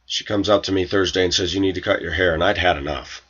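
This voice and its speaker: A man with a deep voice speaks quickly in a steady, fairly bright tone through a muffled recording. Ranting to camera for his viewers, he recounts a grievance with a coworker, indignantly quoting both her and himself in a raised voice.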